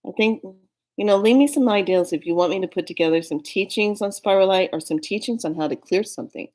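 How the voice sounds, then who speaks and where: A woman's voice: medium pitch, fast talker, darkish tone. A woman talking casually to her viewers as a spiritual vlogger, playful and affectionate, laughing often.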